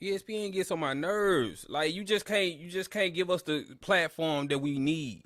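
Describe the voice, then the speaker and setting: A fairly high-voiced man hosts a live fan stream, boasting, trash-talking and venting his complaints. He talks straight to his chat. The sound is dry and close. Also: moderate pace, fairly bright tone, dry recording. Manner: boastful trash talk, then ranting complaints. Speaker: host of a live sports listen-along stream. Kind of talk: casual live fan commentary.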